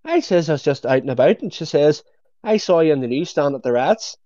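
A Northern Irish man co-hosting a chatty podcast, full of cheeky banter. His voice sits a little high but sounds mellow, and the recording is dry and lo-fi. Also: expressive, a little fast, no room sound. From Northern Ireland. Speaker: podcast co-host. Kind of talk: casual podcast chat. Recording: dull lo-fi audio.

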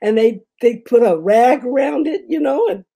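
A woman's voice: on the high side, expressive, normal speed, gravelly, mellow, breathy edge. An older woman with a Memphis Southern accent, telling rambling stories as an interview guest, laughing often. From Memphis, Tennessee. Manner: chatty, rambling, laughs often, says "you know" a lot. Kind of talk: casual storytelling interview.

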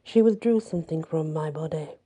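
Woman reading a spooky first-person story, lowish voice, kinda husky. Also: fairly quick, dark tone. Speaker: story narrator.

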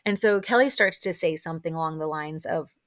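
A woman's voice: deep voice, brisk, a bit bright, dry recording, studio quality. A woman hosting a casual recap podcast, talking in a chatty, exasperated way and acting out quotes in raised voices. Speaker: podcast host recapping a reality show.

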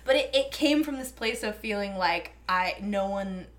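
A young woman talks through a long, meandering story, poking fun at herself and dropping an easy curse here and there. Her voice sits at an ordinary middle pitch, and she keeps it loose and conversational, like a co-host chatting across the table. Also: lively intonation, normal speed. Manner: rambling, self-deprecating storytelling with casual swearing. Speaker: podcast co-host. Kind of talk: casual chat.

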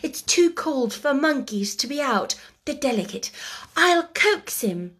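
A woman reading aloud, voicing an eager, warm-hearted little girl in a bright, breathy voice. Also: sits high, very animated, unhurried, voice pushed up, exaggerated voice.

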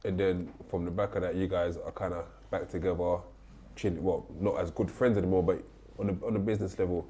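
A man interviewing a guest, asking calm probing questions and giving short acknowledgements. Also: deep voice, a little fast, slight background noise. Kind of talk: casual interview.

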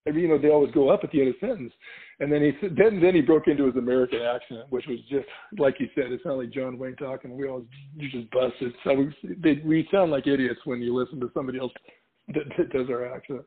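A middle-aged man from California, a podcast guest telling stories in casual chat, animated and quick to laugh as he acts out what people said. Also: mid-range voice, breathy edge. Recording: tinny phone-like line.

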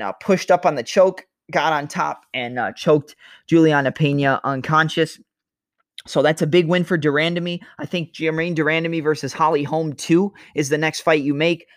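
In a casual fight-breakdown monologue, a male host with a fairly high voice chats loosely through the analysis, occasionally mimicking punches with sound effects. His sound is close and dry, free of room echo.

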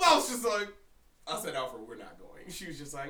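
A young man co-hosting a podcast, telling a story in casual, profane chat with an animated delivery. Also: medium pitch, fairly quick, recorded from a distance. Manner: animated, profane, breaks into laughter. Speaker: podcast co-host. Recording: roomy echo, somewhat off-mic.

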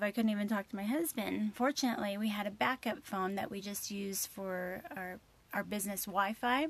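A woman in her thirties telling an emotional personal story, with many fillers, quoting herself and her husband. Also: mid-range voice.

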